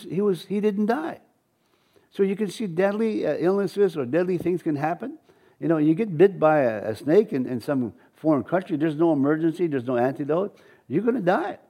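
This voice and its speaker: A pastor with an Ojibwe accent preaching a sermon and reading scripture, halting often with restarts and fillers. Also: male voice, a little high, mellow.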